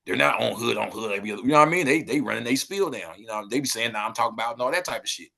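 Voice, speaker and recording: La dude on a podcast, bright voice, loose street talk, gets loud and animated. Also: male voice, medium pitch, racing, creaky. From Los Angeles. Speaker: podcast guest. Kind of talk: casual interview chat.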